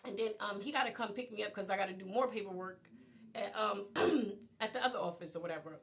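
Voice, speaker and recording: A woman's voice: medium pitch, a little fast. A young woman telling a candid, profane story to camera in a storytime vlog, often laughing as she talks.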